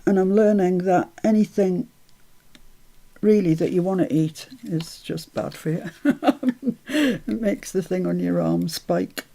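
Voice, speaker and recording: Taking her time, a woman with a fairly low voice and vocal fry hosts a relaxed crafting stream. She explains every step aloud, mumbles to herself as she crafts, and says cheerful hellos to viewers in the chat.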